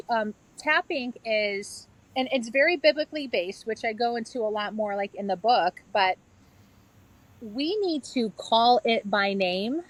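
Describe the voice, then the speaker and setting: A middle-aged woman guest speaks in a fairly high voice. She talks earnestly in a relaxed interview, walking through a practice step by step and leaning on everyday examples. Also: low-quality recording. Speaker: guest author and yoga therapist. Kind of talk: conversational interview.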